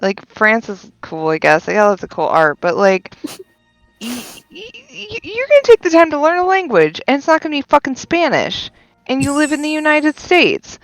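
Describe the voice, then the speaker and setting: A woman's voice: high-pitched, huge pitch swings, moderate pace, no echo, soft background music, low-quality recording. A young woman streamer chatting casually, swearing freely and ranting with laughter. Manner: profane, ranting, laughs a lot. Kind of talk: casual chat while gaming.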